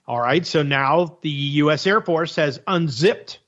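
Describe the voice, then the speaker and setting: High-voiced radio guy ranting sarcastically about the news, laughs at his own jokes, kinda muffled audio. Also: a little slow, a bit bright. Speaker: radio host. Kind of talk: opinionated talk radio monologue.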